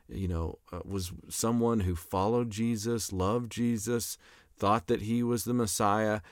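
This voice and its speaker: Casting: young man, lowish voice, relaxed lecturer, lots of "uh" and restarts, dry close recording. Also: no room sound. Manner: conversational with frequent fillers and restarts, reads scripture aloud. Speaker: apologetics lecturer.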